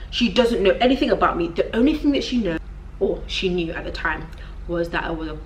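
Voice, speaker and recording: A woman's voice: fairly low pitch, brisk, slight background noise. Exasperated, laughing Nigerian woman vlogger. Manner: animated and exasperated, often breaking into laughter. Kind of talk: comedic rant.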